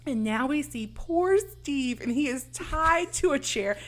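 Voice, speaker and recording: A woman's voice: high-pitched, a little slow. A woman casually retelling a horror movie scene, acting out the lines and laughing often. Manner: animated storytelling, acts out quotes, laughs often. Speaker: podcast co-host. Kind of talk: casual movie recap chat.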